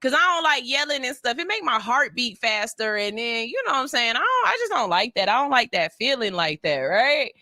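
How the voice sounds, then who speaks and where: Woman radio host, joking and blunt, high bright voice, dry studio sound. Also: brisk, hardly any pauses, no room sound. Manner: animated, joking, blunt and profane. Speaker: radio morning show host. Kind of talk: casual chat.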